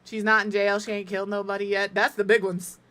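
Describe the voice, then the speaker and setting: A woman's voice: mid-range voice, flat delivery, quick pace, a bit bright. A middle-aged woman chatting casually on a live stream as she builds in a life-sim game, talking to her cat and to viewers with self-deprecating humor. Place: home room.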